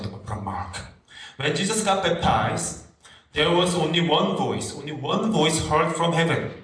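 Male pastor, slow and reflective, preaching, recorded from a distance in an echoey room. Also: a little high, fairly bright tone. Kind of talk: sermon. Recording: roomy, distant mic with faint background noise.

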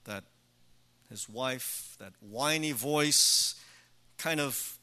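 An older man preaches a sermon at an unhurried, deliberate pace. His voice is bright and forceful. He leans on rhetorical questions to press each point home. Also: mid-range voice. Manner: measured, with emphatic rhetorical questions.

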